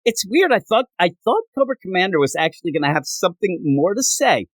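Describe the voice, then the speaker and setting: A man hosting a casual comic review, retelling scenes with quick character voices. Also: sits high, big pitch swings, no echo. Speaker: comic book podcast host.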